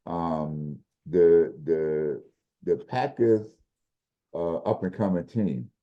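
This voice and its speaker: A man co-hosting a sports podcast, casually breaking down football games in a measured way, restarting his sentences as he thinks. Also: sits low. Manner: measured, explains with repeated restarts. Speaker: podcast co-host, football analyst. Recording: dull lo-fi audio.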